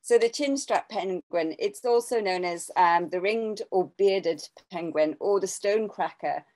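A woman's voice: on the low side, unhurried, darkish tone, poor audio. An English woman co-hosting an art podcast, chatting casually, rambling with many restarts and small laughs. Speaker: podcast co-host and artist. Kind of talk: casual chat.

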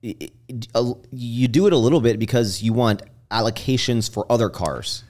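Male host, casual interviewer, average pitch, restarts his questions. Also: normal speed, a little mellow. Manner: probing, stumbling over his questions. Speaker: podcast host.

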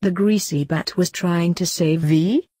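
A woman's voice: lowish voice, measured pace, mellow, slightly rough, dry recording, clean studio sound. Woman reading as a snappy young witch girl.

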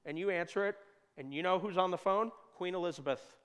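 A man preaching a sermon in a church, talking conversationally and joking, with sudden loud bursts. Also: sits high, brisk, clean tone. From United States. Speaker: pastor. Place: church hall. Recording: long hall reverb.

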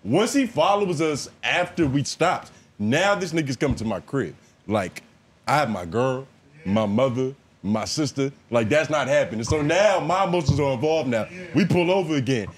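A man's voice: mid-range voice, animated, moderate pace, slightly rough. A man on a casual podcast jumping in to tell his side of a story, laughing often and talking over the other host. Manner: talks over others, keeps saying hold on, laughs a lot.

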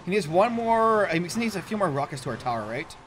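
A man's voice: sits high, sing-song, a little fast, fairly bright tone, a little hiss or hum. A young man giving casual, chatty gameplay commentary as a gaming YouTuber, self-mocking and laughing often.

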